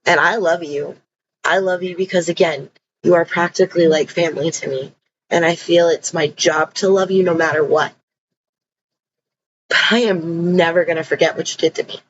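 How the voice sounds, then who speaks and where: A woman's voice: lowish voice, steady tone, normal speed, muffled recording, slight background noise. A woman telling her own story in a casual, blunt and emphatic way, swearing freely.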